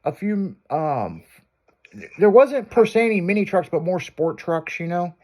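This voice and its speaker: A man's voice: high voice, expressive, a little slow, a little mellow. A man hosting a radio show, telling a long crude story in loose casual talk.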